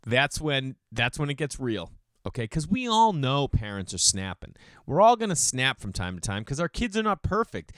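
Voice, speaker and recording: A man in his thirties hosting a podcast, telling stories in a casual, animated monologue and slipping into mocking voices for the people he quotes. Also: mid-range voice, normal speed, dry recording, studio quality. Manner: animated storytelling, mimics voices. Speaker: podcast host.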